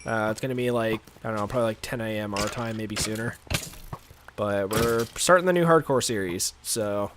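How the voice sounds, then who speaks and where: Casually chatting on a live stream as he plays, a young man rambles to his viewers with plenty of filler words, sounding a bit congested. His voice is lowish and moderately paced, with background noise present.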